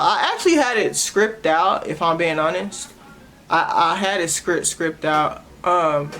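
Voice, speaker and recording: A woman's voice: low-pitched, slight background noise. A young woman, hosting her own podcast and sharing a personal testimony in an earnest, emotional way, often stopping and restarting her words. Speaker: podcast host.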